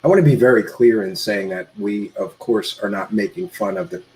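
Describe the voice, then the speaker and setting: A man's voice: lowish voice, sing-song, a little fast, gravelly, darkish tone, low-quality recording. A male podcast host commenting in a dry, sardonic way.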